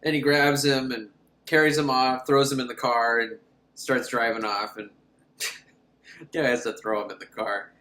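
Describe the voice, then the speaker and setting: A man's voice: mid-range voice, steady tone, a little slow, bright, forceful tone, echoey room. A man recapping a horror film in a sarcastic, rambling, mocking way. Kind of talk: comedic movie recap.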